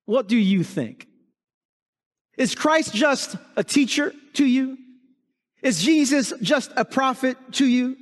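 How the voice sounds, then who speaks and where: High-voiced, slow, deliberate male preacher. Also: animated, long reverb tail. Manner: emphatic preaching with repeated rhetorical questions. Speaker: pastor. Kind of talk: sermon.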